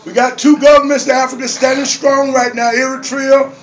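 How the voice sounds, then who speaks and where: A man's voice: very high-pitched, little pitch movement, a little fast. An older man giving a fiery rally speech on a community stage, preaching with call-and-response to the audience. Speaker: activist speaker. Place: community arts center stage before an audience. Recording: dull lo-fi live recording with crowd.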